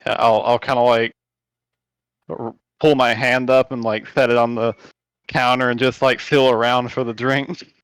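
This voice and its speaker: A man's voice: mid-range voice, level tone, normal speed, fairly bright tone, clear, resonant tone, dry recording, poor audio. A man playing in a tabletop game, describing his character's actions hesitantly, step by step. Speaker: player.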